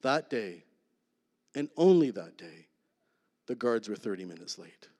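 A man giving a sermon testimony, emphatic, then dropping to a hush on key lines. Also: lowish voice, sing-song, a little slow, pauses often. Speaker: preacher sharing testimony. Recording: long hall reverb.

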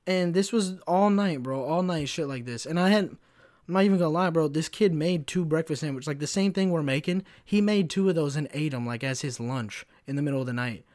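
A man's voice: fairly high pitch, brisk, darkish tone, no echo, clean studio sound. A young man hosting a podcast, telling a story from work in a casual, exasperated and profane way, full of "bro" and "like". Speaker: podcast host. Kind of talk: casual venting monologue.

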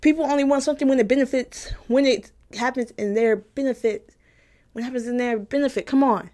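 A young adult woman talks straight to her viewers in a fed-up rant, her voice sitting a little high. She repeats her points for emphasis, swears freely, and breaks into short laughs partway through sentences. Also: fairly quick, warm tone. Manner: emphatic, repetitive, profane, laughs mid-sentence. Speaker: vlogger. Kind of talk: opinion rant to camera.

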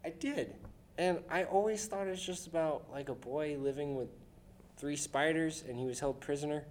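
A man's voice: on the high side, moderate pace, darkish tone. A young man co-hosting a podcast in casual chat, tossing out offbeat wisecracks. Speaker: podcast co-host. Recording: faint background noise.

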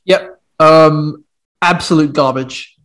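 A man with a fairly high voice for a man riffs in loose pub-style banter. He jokes, swears freely and laughs as he talks. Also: fairly even intonation, takes it slowly, a bit bright. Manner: jokey, swears, laughs through his lines. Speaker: podcast co-host. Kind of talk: casual pub-banter podcast chat.

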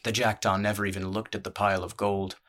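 Narrator: man, low and level, measured scripted fantasy reading. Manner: measured, even storytelling.

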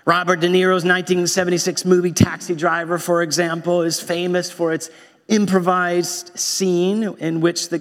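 A man with a fairly high voice preaches a sermon in a wry, conversational manner. His words ring out with a long reverb, as in a church sanctuary. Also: a bit bright. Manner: wry, conversational preaching with quoted movie lines. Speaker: pastor.

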